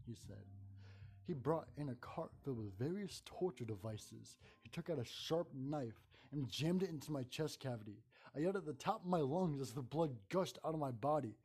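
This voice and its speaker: A man reading a first-person horror story aloud in a calm narrating voice. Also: medium pitch, a little fast, faint music behind.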